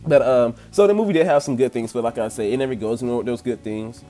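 A man's voice: mid-range voice, quick pace, dark tone, faint music behind. A young man reviewing a movie in a casual, rambling rant, swearing and laughing as he goes.

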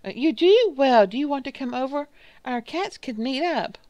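A woman's voice: sits high, expressive, normal speed, a little mellow, no room sound, voice pushed up. A woman voicing an overexcited young woman who is obsessed with cats, gushing and squealing in a game. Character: overexcited young female cat-obsessed lady.

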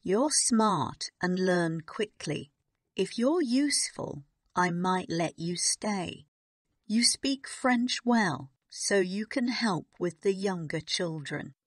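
A woman's voice: mid-range voice, lively intonation, slow pace, no room sound, clean studio sound. A woman voicing a stern, cold headmistress in an audiobook, speaking in a commanding, scolding tone. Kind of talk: audiobook character reading.

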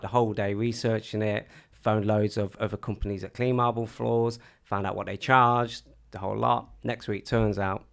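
A man's voice: fairly low pitch, gravelly. A man telling his own story casually, acting out the things people said to him. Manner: animated storyteller acting out quoted dialogue.

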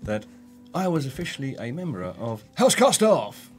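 A man in a live tabletop game who voices his character in a slow, deliberate manner. His pitch is an everyday middle. Clear music plays behind him. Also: very animated. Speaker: player. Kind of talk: in-character tabletop role-play.

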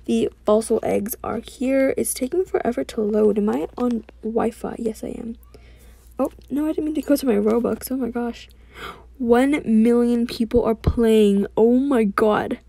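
Excitable gaming vlogger with a gravelly edge. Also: female voice, a little high, a little slow, no echo. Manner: excitable, gushing, frequent exclamations; reads on-screen game text aloud. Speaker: gaming YouTuber. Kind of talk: casual gameplay commentary.

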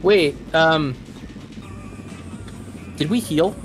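A man's voice: fairly high pitch, over music. A man co-hosting a casual gaming let's play, wisecracking and chatty. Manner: wisecracking, quick commentary.

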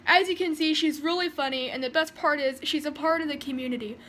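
A woman voicing an excitable young male gaming video host, shouting and gushing. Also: sits high, quick pace.

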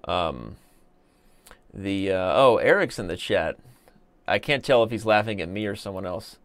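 A man in his thirties hosts a live stream in a relaxed, joking way, reading viewer comments aloud. His voice sits on the low side. The desk mic gives a dry, close sound with no room echo. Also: measured pace. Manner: chatty, joking, reads viewer chat aloud. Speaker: chess streamer host. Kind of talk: casual live-stream chat while playing.

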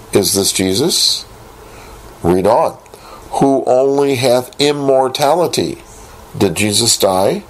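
A man teaching a Bible lesson, reading scripture aloud and posing rhetorical questions in a deliberate way. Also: mid-range voice, poor audio. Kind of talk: recorded Bible study lesson.

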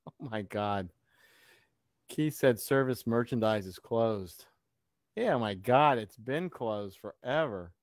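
A man hosting a casual live video chat who rambles and cuts in with sarcastic asides. His voice sits at an ordinary pitch, and the sound is close and dry. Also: animated, slow, no room sound. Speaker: host.

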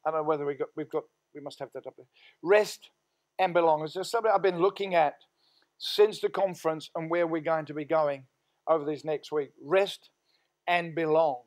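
A man's voice: on the high side, steady tone, fast talker. A middle-aged man with an Australian accent, a senior pastor preaching a sermon in church, telling stories in a folksy way and praying aloud. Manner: storytelling, folksy, prays aloud. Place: church sanctuary.

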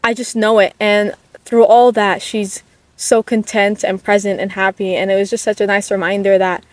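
A young woman in her late teens, talking casually and softly to the camera at a park, rambling with lots of "like"s and getting emotional. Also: medium pitch, flat delivery, moderate pace, no echo. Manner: soft-spoken, rambling, emotional, many "like"s. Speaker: vlogger. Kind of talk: casual chat. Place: outdoors at a park. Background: dogs barking at times.

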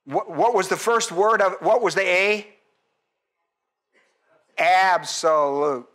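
Preaching through a passage at a moderate pace, this male pastor stays animated and quizzes the congregation. For emphasis, he occasionally lowers his voice to a soft hush.

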